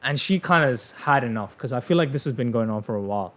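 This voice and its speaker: A man hosting a podcast, telling a story in casual, animated chat, swearing freely. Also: mid-range voice, fast talker. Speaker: podcast host.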